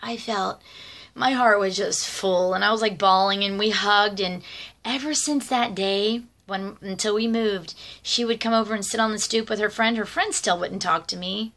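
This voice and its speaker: A woman's voice: mid-range voice, moderate pace, fairly bright tone. A middle-aged woman vlogger telling personal stories in a rambling, conversational way with lots of fillers and asides. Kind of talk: casual personal storytelling.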